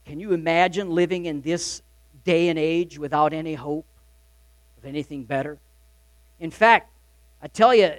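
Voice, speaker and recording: A pastor delivering a sermon in a fairly high male voice. He pushes hard on key lines, then drops to a soft, confiding tone. The sound is dry and close, with no room ring. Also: no echo. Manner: emphatic preaching, swinging between loud and soft.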